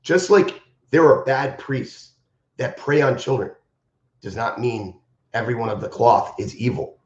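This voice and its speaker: Speaking a little slowly at medium pitch, an animated martial arts instructor addresses a live stream with passion and emphasis. He keeps returning to his key phrases, and the sound is roomy, dull lo-fi.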